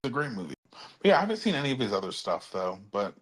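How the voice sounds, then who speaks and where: A man's voice: mid-range voice, very animated, racing, breathy edge, rough recording. A man co-hosting a casual pop-culture podcast, laid-back, mostly reacting with short remarks. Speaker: podcast co-host.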